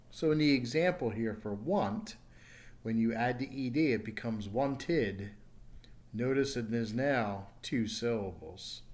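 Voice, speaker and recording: Man slowly teaching pronunciation. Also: medium pitch. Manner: slow, careful enunciation of example words. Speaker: ESL teacher. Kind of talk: recorded pronunciation lesson.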